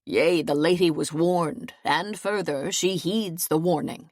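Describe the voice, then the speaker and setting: A stern medieval lord lays down the law with cold, measured authority, as a woman reading an audiobook gives him voice. The voice sits low and close in a dry, dead room. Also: a little mellow, no echo. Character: stern commanding medieval lord, adult man.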